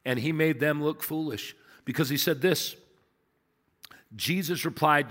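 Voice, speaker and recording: A man in his fifties preaches a sermon from the pulpit of a large church. His voice sits a little high for a man and carries emphatic, repeated phrases and rhetorical questions. A long reverb hangs after his words. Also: normal speed, fairly bright tone. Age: 50s. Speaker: pastor.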